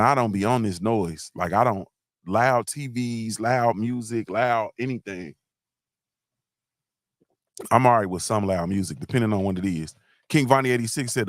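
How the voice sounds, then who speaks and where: A man's voice: lowish voice, dry recording, clean studio sound. A middle-aged man hosting a casual livestream, talking bluntly in a grumbling, repetitive way and answering his chat. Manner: blunt, grumbling, repeats himself, talks to chat. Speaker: livestream host.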